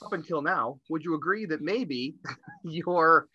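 A man's voice: on the high side, lively intonation, unhurried, sharp tone, breathy edge, dry recording, lo-fi sound. A man in his fifties co-hosting a podcast, talking animatedly and often repeating words as he goes. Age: 50s. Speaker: podcast co-host. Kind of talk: podcast interview conversation.

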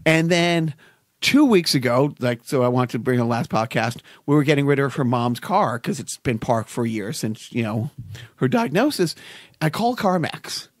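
A man co-hosting a podcast in casual chat, telling stories with lots of restarts and animated bursts. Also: medium pitch, normal speed, no room sound, clean studio sound. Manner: rambling storyteller, many restarts, animated. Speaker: podcast co-host.

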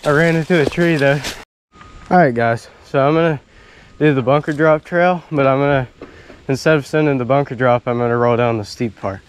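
A man's voice: mid-range voice, fairly quick. Casual man vlogging on bike trails. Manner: casual, chatty, narrates while riding. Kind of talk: casual trail-riding vlog. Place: outdoors on wooded bike trails. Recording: noisy outdoor action-cam audio.

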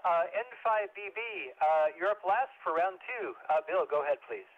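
A man's voice: high voice, moderate pace, slight background noise. A man hosting an amateur radio net, chatting in a friendly way with frequent restarts. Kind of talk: casual on-air discussion. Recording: narrow amateur radio transmission.

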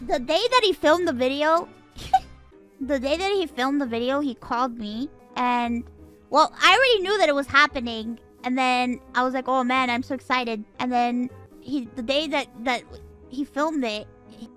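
A woman's voice: high voice, moderate pace, a bit bright, soft background music. A woman streamer in casual stream chat, ranting animatedly and exasperatedly, with frequent swearing.

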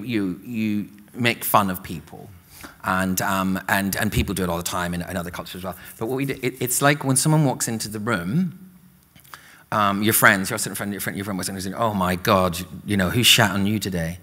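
Low-voiced Northern Irish man in a reverberant hall. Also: fairly quick, sharp tone. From Northern Ireland. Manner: talkative, peppered with "you know" fillers. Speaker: author guest. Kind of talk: conversational literary interview. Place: literature event stage.

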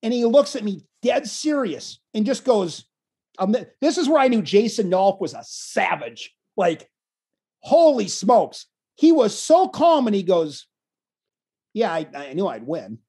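A man, a wrestling commentator, telling a story in a casual interview, animated and self-deprecating, often restarting his phrases. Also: high voice, measured pace, breathy edge.

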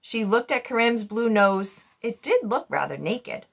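A woman reading a children's book aloud in an expressive storytelling manner. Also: on the high side, a little slow, creaky, husky. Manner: expressive, animated.

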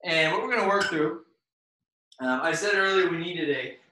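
Slightly high-pitched and bright, with a pushed delivery at normal speed, this man runs a live online exercise class as its instructor. He calls out encouragement to people by name and grows winded as he works out too; the very echoey room, distant mic and slight background noise are audible.

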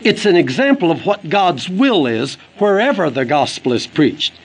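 A man's voice: on the high side, very animated, normal speed, breathy edge, rough recording. A man delivering an earnest, emphatic sermon for an audio book, quoting scripture as he preaches. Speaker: evangelist preacher.

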